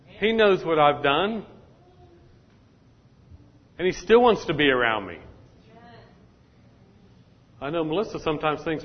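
Speaking slowly with long pauses, this fairly high-pitched, expressive pastor delivers a sermon straight to his congregation, going over his points again and again. It's call-and-response preaching, captured with the muffled echo of a hall.

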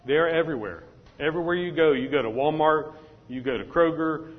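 A man's voice: a little high, brisk. A man preaching a sermon as pastor, talking straight to the congregation and repeating his points. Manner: repetitive, call-and-response preaching. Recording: dull, echoey hall sound.

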